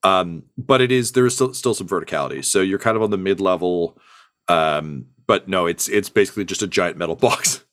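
A young man narrates a tabletop game in a fairly low voice. He rambles, hunting for words with many ums and uhs. The sound is dry and close. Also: fairly quick, a bit bright, dry recording. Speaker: game master.

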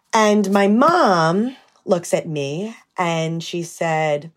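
Animated woman founder, lowish voice. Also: extremely slow. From United States. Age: 30s. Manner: animated, acts out quoted dialogue with fillers. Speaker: brand founder. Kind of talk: interview storytelling.

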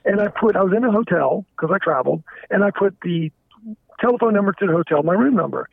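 A man calling in to a show, talking candidly and haltingly, often stammering and restarting his sentences. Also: high voice, expressive, creaky, no echo. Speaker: caller. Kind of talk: candid confessional phone call. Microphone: telephone. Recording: tinny dry phone line.

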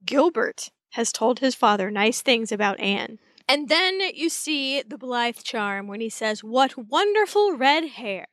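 Female recap co-host, wry and chatty, higher pitch, dry close mic. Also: measured pace, few pauses, dry recording. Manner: chatty, wry, animated retelling. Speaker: podcast co-host. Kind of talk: casual recap chat.

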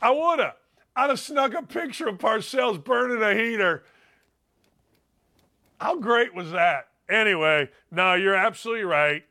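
Older male sports host, bright, edgy tone, loud, rambling, emphatic. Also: sits high, lively intonation, a little slow. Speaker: sports talk show host. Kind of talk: animated talk show monologue.

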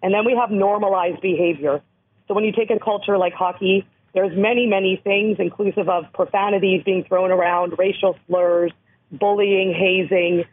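Hoarse woman on a tinny phone line. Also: medium pitch, fairly even intonation, normal speed. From Canada. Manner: earnest, emphatic, explanatory. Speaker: guest, abuse-prevention educator. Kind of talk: interview over the phone.

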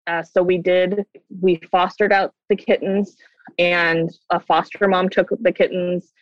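A woman's voice: lowish voice, level tone, a little slow. A woman talks casually as an interview guest, rambling through her answers with lots of fillers. Her voice comes through a dull, lo-fi remote line with a dry sound and no room echo. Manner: chatty, rambling, with many fillers.

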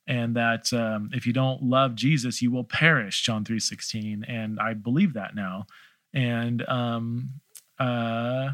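On a casual theological Q&A podcast, a middle-aged male host answers listener questions, thinking aloud hesitantly and restarting often. His mid-range voice sounds pushed and bright, and the recording is dry.

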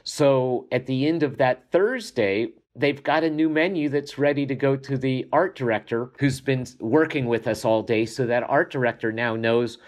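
Brief: older male consultant, mid-pitched, upbeat and confident interview talk. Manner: upbeat, brisk explanations, listing things off. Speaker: menu consultant. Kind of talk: interview answers.

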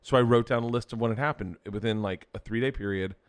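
A man's voice: lowish voice, quick pace, clear, resonant tone. Middle-aged man telling rambling stories. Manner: rambling, profane storyteller. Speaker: podcast guest. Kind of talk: casual chat.

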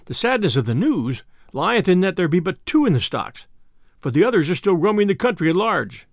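A man's voice: sits high, sing-song, a little fast, no echo, studio quality, exaggerated voice. A man reading aloud, voicing a cheerful, teasing young outlaw hero in an audiobook tale. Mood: jovial. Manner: jovial, playful.

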